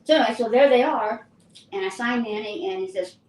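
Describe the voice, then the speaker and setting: An older woman, an actress, recounting her career in a lively, anecdotal interview style. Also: on the high side, a little fast. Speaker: actress and guest. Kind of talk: casual interview storytelling. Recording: roomy distant mic with faint ambience.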